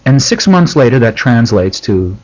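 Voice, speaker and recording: A man who is a studio guest on a radio talk show, telling stories with animated emphasis, heard through a studio microphone on a lo-fi broadcast. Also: mid-range voice, normal speed. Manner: animated storyteller, lively emphasis.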